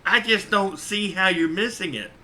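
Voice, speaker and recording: A man's voice: sits high, normal speed, sharp tone. A man who drives a truck, telling a story casually, chuckling often and repeating his points for emphasis.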